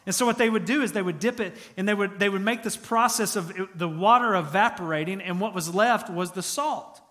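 A man's voice: high voice, brisk, bright, forceful tone, long reverb tail. A man preaching a sermon as pastor, speaking emphatically and repeating phrases for effect.

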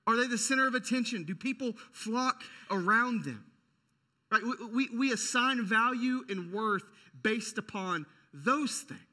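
A man preaching with a high, piercing bright voice. He talks to the congregation in an energetic, conversational way, restarting phrases as he goes. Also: a little slow. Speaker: pastor. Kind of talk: sermon.

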